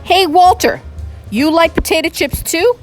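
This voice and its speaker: Woman putting on an outspoken kid, squeaky and high, blunt and chirpy, storybook. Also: expressive, a little slow, music in the background. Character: blunt, outspoken young boy, the team catcher.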